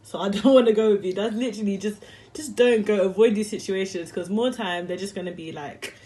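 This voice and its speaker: A young woman chats to camera in a loose, rambling way, full of slang. Her voice sits at an ordinary middle pitch, and she breaks easily into laughter as she talks. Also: fairly quick, dark tone. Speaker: vlogger. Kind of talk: casual storytelling to camera.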